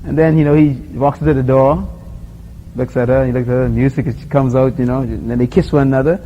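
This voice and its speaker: A man's voice: mid-range voice, steady tone, brisk, warm tone, muffled recording, a little hiss or hum. A middle-aged man with a Bahamian accent preaching a sermon, acting out little scenes with voices and laughter.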